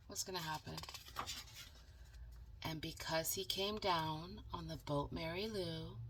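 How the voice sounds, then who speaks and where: Slow, bright-voiced woman reading a picture book. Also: sits low. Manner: animated, dramatic pauses, chatty asides to viewers. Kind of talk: storybook read-aloud with asides.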